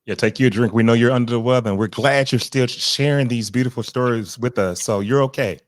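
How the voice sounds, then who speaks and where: A man hosting an interview, speaking in a measured way with hesitant fillers. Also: mid-range voice, no room sound. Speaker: podcast host.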